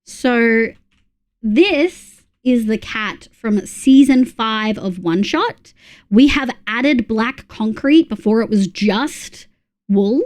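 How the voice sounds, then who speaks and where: A chatty Australian woman talks through her live stream in a loose, rambling way. She often stops and restarts her sentences and fills pauses. Her voice sits a little high. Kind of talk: casual live-stream commentary while gaming.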